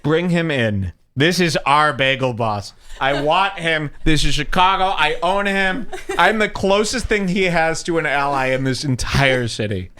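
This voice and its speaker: A man hosting a casual podcast, reacting to a clip with excitable energy and frequent laughter. His voice sits a little high and swings widely in pitch. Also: measured pace, few pauses, clear, resonant tone. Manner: animated, laughing a lot, excitable. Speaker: podcast host.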